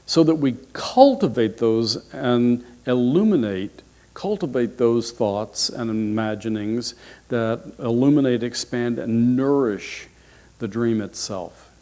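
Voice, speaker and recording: A man, a minister, giving a sermon and telling a story in an unhurried, expressive way. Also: medium pitch. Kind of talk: sermon with a told joke.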